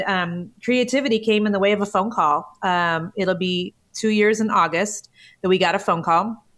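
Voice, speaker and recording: A woman's voice: mid-range voice, fairly bright tone. A woman in her forties, a guest author in a podcast interview, telling her story with a lot of emotion and close to tears. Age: 40s. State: tearful.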